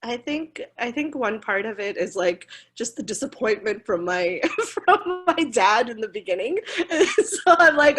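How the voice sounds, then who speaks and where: A woman in her forties, a school administrator, telling stories in a casual interview with frequent laughs and quick acted-out quotes. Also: medium pitch. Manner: animated, laughing, voices quoted people.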